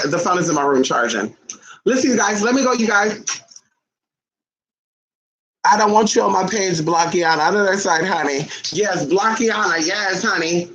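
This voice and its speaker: A woman's voice: mid-range voice, fairly bright tone. A woman host chatting casually and playfully with her viewers, often calling them honey. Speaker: channel host. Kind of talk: casual live chat with viewers. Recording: dull lo-fi recording.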